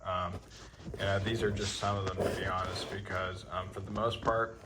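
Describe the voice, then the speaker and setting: A man hosting a coin-collecting video channel, talking casually to camera in a relaxed, rambling way, with many ums and uhs. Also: low voice, normal speed, heavy background noise.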